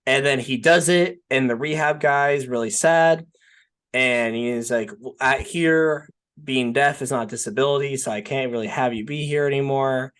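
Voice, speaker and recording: A man's voice: mid-range voice, normal speed, fairly bright tone, smooth. A young man co-hosting a podcast, talking casually and rambling with lots of fillers. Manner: rambling, filler-heavy, says "like" and "right?" often. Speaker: podcast co-host. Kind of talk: casual film discussion.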